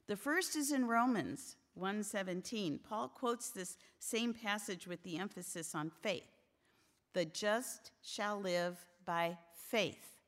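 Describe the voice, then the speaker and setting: A woman's voice: medium pitch, a bit bright. A woman teaching a Bible study to a group of women, earnest and emphatic as she preaches. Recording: long hall reverb.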